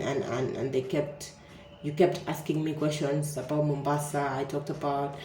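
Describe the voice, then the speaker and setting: A young woman with a Kenyan accent tells a personal story in a low, mellow voice. She talks casually and animatedly, stumbling over repeated words when she gets nervous. The room is echoey, and a faint hum of ambience sits under her voice.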